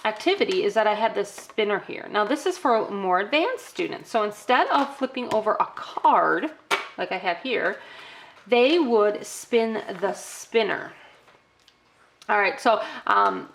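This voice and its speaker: A woman's voice: medium pitch, lively intonation, unhurried, creaky, a little hiss or hum. A middle-aged woman teaching parents a toddler activity, often breaking into exaggerated sing-song child-directed talk. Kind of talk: instructional demo for parents.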